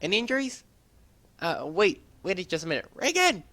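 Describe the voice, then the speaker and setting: A man voicing a flustered young man who stammers and shouts in high, excited bursts. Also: normal speed, full character voice. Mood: urgent.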